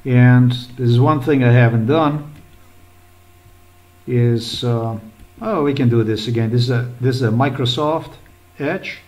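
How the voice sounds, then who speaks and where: A man's voice: mid-range voice, measured pace, long pauses, darkish tone, poor audio. A man rambling through an agitated commentary while browsing, swearing often and repeating himself. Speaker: vlogger. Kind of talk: rambling screen-recorded commentary.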